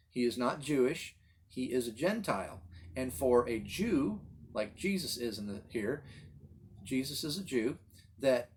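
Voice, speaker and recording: A man's voice: a little high, breathy edge. A man leading a Bible study as pastor, teaching in an earnest, emphatic way.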